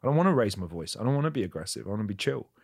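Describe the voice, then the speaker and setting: A man's voice: lowish voice, big pitch swings, rapid-fire, creaky, a little mellow, breathy edge, no room sound, clean studio sound. A man, an actor, candidly recounting his work in casual chat, swearing freely and mocking himself. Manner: candid, profane, self-mocking storytelling. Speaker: actor guest.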